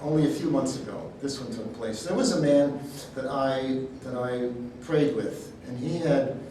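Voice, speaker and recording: A man teaching a sermon, telling personal stories in a folksy, animated way. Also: mid-range voice, moderate pace, a little hiss or hum. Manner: storytelling, animated, folksy asides. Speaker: healing ministry teacher. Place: church hall. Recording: echoey hall, speaker far from the mic.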